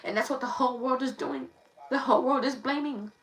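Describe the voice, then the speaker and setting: A woman's voice: sits high, fairly even intonation, fairly quick, creaky. A woman hosting a tarot live stream, talking in an emphatic, preachy way and repeating her phrases over and over. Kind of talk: impassioned live-stream monologue. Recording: echoey room, distant mic, faint noise.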